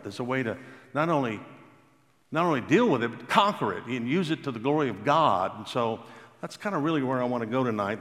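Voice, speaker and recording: A man preaching a sermon, telling stories and stressing key words slowly and emphatically. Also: medium pitch, a bit bright. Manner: storytelling, emphatic with slow drawn-out stresses. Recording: long hall reverb.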